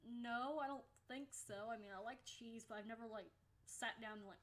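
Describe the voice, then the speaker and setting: A young woman talks through a casual vlog in a chatty, blunt way, dropping swear words offhandedly. Her voice sits a little on the high side. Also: moderate pace. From United States. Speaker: vlogger.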